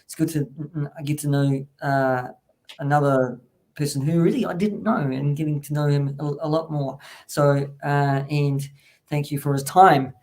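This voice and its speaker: A man's voice: fairly high pitch, fairly even intonation, normal speed. A man hosting a casual live-streamed chat, talking loosely with many fillers and restarts. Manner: rambling, filler-heavy, warm thanks to chat. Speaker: host.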